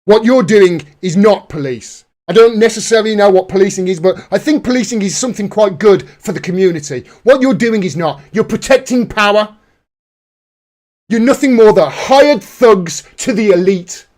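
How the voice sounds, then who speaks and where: A man whose voice sits high and is a little mellow speaks at normal speed in an animated way. He hosts a live political commentary stream, angrily ranting and swearing often.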